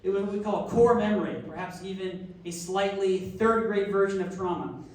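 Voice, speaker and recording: A young adult man, a pastor, giving a sermon through an animated, self-deprecating personal story. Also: sits high, moderate pace. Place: church sanctuary. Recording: echoey church hall from far off.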